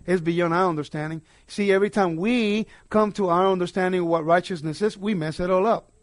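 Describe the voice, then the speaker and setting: A man preaching a sermon, emphatic, swinging between quiet asides and loud declarations. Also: high voice, fairly quick, dry recording.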